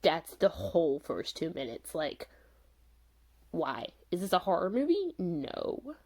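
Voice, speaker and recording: A woman's voice: lowish voice, big pitch swings, takes it slowly, a little mellow. Exasperated young woman ranting casually. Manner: exasperated, rambling with fillers and laughs. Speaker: vlogger reviewing a show.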